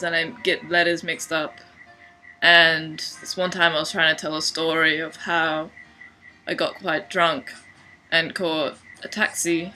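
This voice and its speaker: A young Australian woman talks to camera at home in a flat, deadpan way, with a dry wit. Her voice sits a little low for a woman but has a bright, sharp edge. Soft music plays faintly behind her. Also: low-quality recording. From Sydney, Australia. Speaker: vlogger. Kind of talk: casual accent-challenge video.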